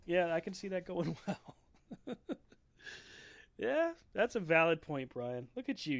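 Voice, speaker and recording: A man's voice: sits high, big pitch swings, slow, gravelly, long pauses. A man co-hosting a casual podcast chat, joking and laughing often. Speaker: podcast co-host.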